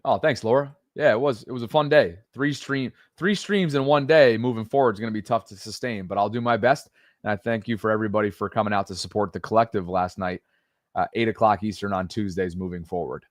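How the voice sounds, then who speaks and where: A man hosting a live-streamed sports podcast, friendly and relaxed as he thanks viewers and runs through plugs. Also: fairly low pitch, a little fast, no echo, clean studio sound. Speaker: podcast host.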